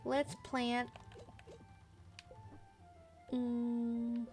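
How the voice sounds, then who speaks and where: A woman's voice: on the high side, completely flat delivery, extremely slow, a little mellow, soft background music. A woman streamer chatting frankly and with strong opinions while playing a video game. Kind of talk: casual game commentary.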